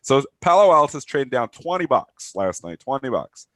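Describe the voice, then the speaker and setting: A man in his thirties with a cold, co-hosting a live trading show in animated, rapid chat. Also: mid-range voice, dry recording. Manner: animated, rapid trader talk. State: stuffy from a cold. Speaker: co-host of a trading talk show. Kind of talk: casual live market chat.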